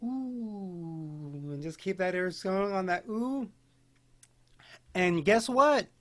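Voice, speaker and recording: A man teaching an online beginning singing class, guiding breathing and posture and demonstrating vocal warm-ups in a playful, encouraging way. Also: high-pitched, animated, slow. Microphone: home video call mic. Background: keyboard accompaniment.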